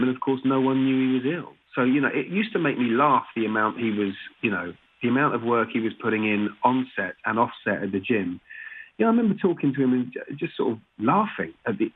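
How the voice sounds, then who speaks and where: A man's voice: medium pitch, lively intonation, fast, a little hiss or hum. A man from Britain, an actor guest chatting in an interview, often restarting his sentences with "you know". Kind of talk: casual interview chat. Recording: tinny phone-like remote line.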